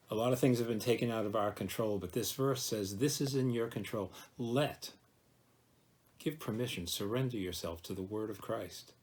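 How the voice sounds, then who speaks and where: Speaking as a pastor, a low-voiced man delivers a devotional talk. He is gentle and reflective, slowing down to dwell on every word of a scripture verse.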